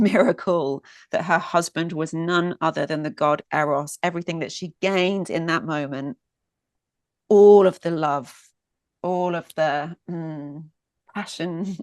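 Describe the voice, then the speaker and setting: A woman storyteller telling a myth in a dramatic, unhurried way, lingering with pauses on vivid sensual detail. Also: low-pitched, no room sound, studio quality.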